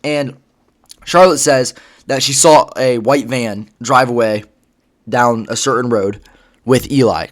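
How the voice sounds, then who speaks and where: A man's voice: mid-range voice, slow, pauses often. A man casually retelling a story, rambling with lots of fillers and swearing. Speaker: vlogger.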